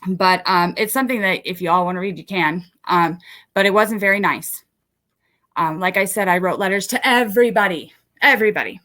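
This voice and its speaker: A woman at a conference workshop telling her own story as she shows documents, with an emotional delivery that breaks off, restarts and climbs high when she is indignant. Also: brisk, a bit bright. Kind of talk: personal story told while showing documents.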